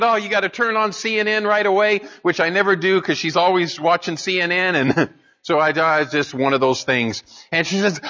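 A man's voice: high voice, sharp tone, muffled recording. A man preaching a sermon as pastor, talking in a conversational way and climbing to emphatic peaks.

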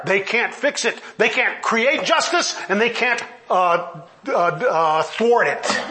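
A man's voice: high voice, lively intonation, measured pace, sharp tone, slight background noise. A middle-aged man preaching a sermon, emphatic, firing off mocking rhetorical questions and laughing often. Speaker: pastor.

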